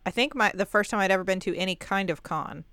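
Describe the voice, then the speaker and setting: A woman's voice: medium pitch, fast, fairly bright tone, no echo. Wry, easygoing woman podcaster. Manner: easygoing, wry chatter with small stammers. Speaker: podcast co-host. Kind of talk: casual chat.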